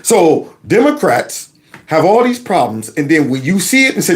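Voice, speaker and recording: Guy w/ a kinda high voice ranting on his vlog, slangy, worked up, pitch all over the place. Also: big pitch swings, normal speed. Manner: emphatic, colloquial, indignant; big pitch swings for emphasis. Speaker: political commentary host. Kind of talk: opinionated commentary vlog.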